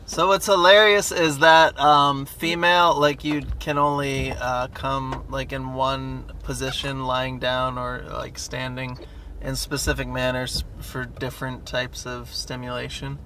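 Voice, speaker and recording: A man's voice: mid-range voice, level tone, measured pace, sharp tone. A man rambling hesitantly with many fillers on a casual live chat, talking on his phone while driving. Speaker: caller in a live audio chat. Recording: phone in a moving car. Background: faint car noise.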